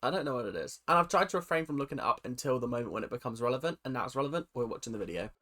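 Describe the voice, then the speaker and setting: A man hosting a reaction video in his bedroom, chatting casually and animatedly, breaking into sudden high outbursts as he mimics reactions. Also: animated, very fast, pushed and bright. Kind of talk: casual commentary.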